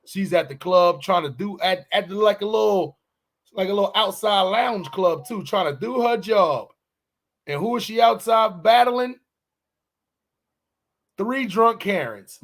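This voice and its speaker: A man's voice: high-pitched, animated, a bit bright. A man hosting a podcast in casual chat, joking and stretching words out for emphasis. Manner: loose, joking, drawn-out emphatic delivery. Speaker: podcast host.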